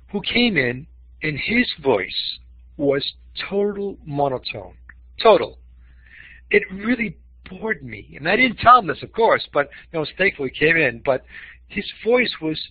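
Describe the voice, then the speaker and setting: Man, webinar presenter, husky, emphatic; dry, lo-fi audio. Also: a little high, no echo. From Boston. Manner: expressive, uses voice for emphasis. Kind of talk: webinar teaching talk.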